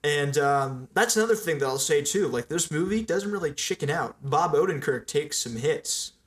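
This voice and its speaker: A man co-hosting a casual amateur film podcast, going through points in a measured way. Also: fairly high pitch, animated. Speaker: podcast co-host. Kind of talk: casual chat.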